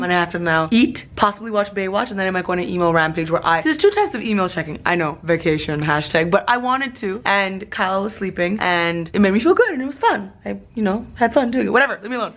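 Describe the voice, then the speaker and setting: A woman vlogging in a casual monologue, talking in an emotional, sentimental and rambling way. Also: mid-range voice.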